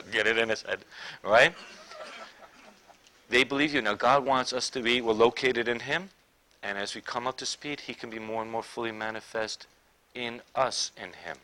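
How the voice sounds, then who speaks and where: Bright-voiced man preaching a sermon. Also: mid-range voice, steady tone, normal speed. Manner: emphatic, swinging between loud declaring and quiet intimate asides.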